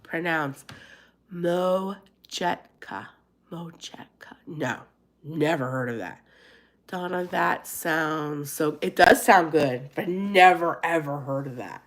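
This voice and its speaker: A woman's voice: sits low, slow pace. A woman from Pennsylvania hosting a casual live chat, reading and answering viewer comments and laughing often. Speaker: live stream host.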